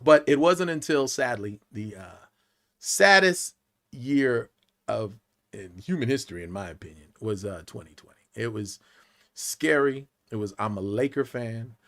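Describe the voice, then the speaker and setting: A man in his late forties, a podcast guest telling stories in an animated way, acting out the voices of the people in them. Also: mid-range voice, measured pace. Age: late 40s. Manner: lively, acts out quotes in big jumps of voice. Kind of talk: animated storytelling interview.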